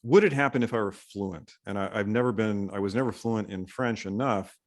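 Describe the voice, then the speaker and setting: A man talks in a casual podcast conversation. He muses in a measured, thoughtful way, weighing each point as he goes. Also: on the low side. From Pittsburgh, USA.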